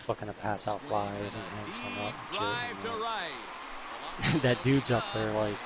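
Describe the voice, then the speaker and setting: A man's voice: on the low side, animated, normal speed. A man chatting casually while playing a video game, rambling in slangy storytelling. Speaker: gaming video host. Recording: stadium crowd noise from the game.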